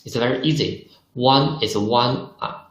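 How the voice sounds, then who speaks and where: A man's voice: medium pitch, measured pace, roomy sound, poor audio. A male teacher, speaking English patiently in an online lesson and modelling pronunciation. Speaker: Chinese language teacher.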